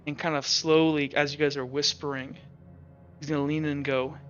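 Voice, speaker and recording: Man GM, casual rambling narrator, bright higher voice, muffled lo-fi mic. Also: little pitch movement, brisk, soft background music. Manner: casual, rambling, frequent "like" and restarts. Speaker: game master. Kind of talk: narrating a tabletop game.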